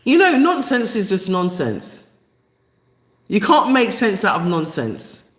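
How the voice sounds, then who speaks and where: A woman talks straight to her live-stream viewers, driving each point home by repeating it. Her pitch swings widely and her voice has a lively, animated rise and fall. The sound carries a noticeable echo from the room. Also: slow pace. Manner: emphatic, repeats phrases for effect. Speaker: channel host. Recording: echoey room.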